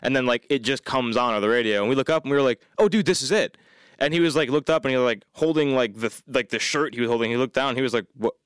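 A musician from New Jersey, a man telling animated, swearing stories in casual chat. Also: medium pitch, rapid-fire, few pauses, clean tone, no echo, clean studio sound. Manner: animated storytelling, swears, does voices.

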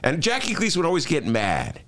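A man's voice: fairly high pitch, wildly swooping pitch, fairly quick, a bit bright. An older man hosting a radio talk show, chatting casually in a joking, ranting way.

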